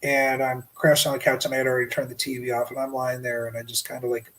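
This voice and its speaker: A middle-aged man telling a paranormal story as a podcast guest, lively and animated, acting out his own shouts. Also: medium pitch, fast, rough recording.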